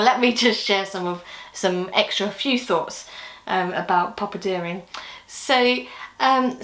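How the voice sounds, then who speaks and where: A woman's voice: mid-range voice, a bit bright, roomy sound. A woman giving a friendly, chatty puppetry training talk for a children's ministry video. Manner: friendly, encouraging, chatty with laughs.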